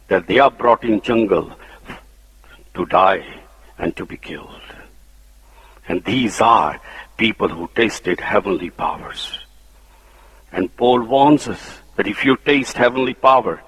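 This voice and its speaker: A middle-aged man with a Punjabi accent, preaching an impassioned sermon that rises to loud, high exclamations. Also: a little slow, slightly rough, rough recording.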